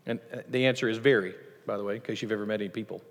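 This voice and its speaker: A man preaching a sermon as pastor of a church, lively, acting out voices from the passage as he teaches. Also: rapid-fire. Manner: animated, acts out quoted voices with rising pitch. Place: church sanctuary. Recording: long church reverb.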